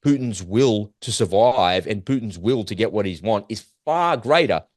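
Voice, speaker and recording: A man giving an urgent, animated commentary monologue, firing off rhetorical questions as host of his own show. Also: fairly low pitch, moderate pace, no echo, studio quality. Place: at home in Australia.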